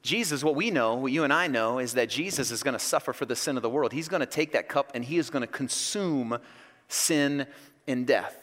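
Male pastor, sermon, bright high voice, jokey and animated, in a reverberant church hall. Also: a little fast. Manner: animated, joking storyteller.

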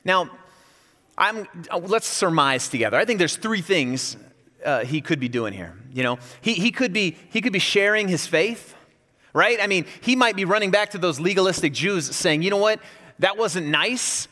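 A man preaching a sermon in a lively, conversational storytelling way, acting out quotes as he goes. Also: high-pitched, moderate pace, long reverb tail. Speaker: pastor.

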